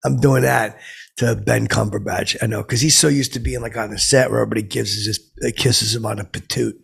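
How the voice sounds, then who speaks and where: A man's voice: on the low side, fairly even intonation, brisk, gravelly, slightly rough, heavily acted. A man playing a clueless, boastful washed-up stand-up comic who rambles and stumbles through his story with many fillers. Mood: rambling. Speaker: character comedian telling a story. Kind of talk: improvised comic monologue.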